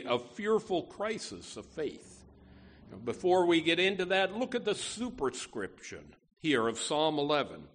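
A man preaching a sermon as pastor of his church, emphatic and deliberate, with frequent "you know" asides. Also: a little high.

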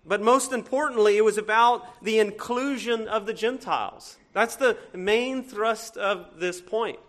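A man with a Cajun accent mixed with a northern one, preaching a sermon in a church, talking to the congregation and asking rhetorical questions, at times loud and at times hushed. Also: high voice, unhurried. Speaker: pastor.

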